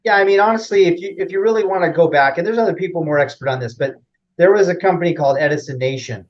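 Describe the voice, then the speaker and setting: A man's voice: fairly high pitch, fast talker. Man explaining with many fillers, dull sound. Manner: rambling, many fillers and restarts. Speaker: interview guest. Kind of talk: casual explanatory interview.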